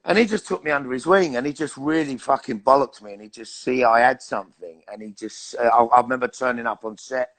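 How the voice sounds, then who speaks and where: A middle-aged man with a London accent, an actor telling animated anecdotes in a casual interview and swearing freely. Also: medium pitch, fast, few pauses. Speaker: actor and guest.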